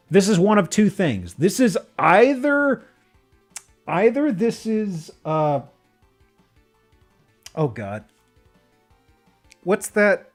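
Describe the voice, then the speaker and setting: A man streaming live, chatting casually and excitably, often breaking into laughter and restarting his sentences. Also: sits high, drawn-out words, pauses often, faint music behind.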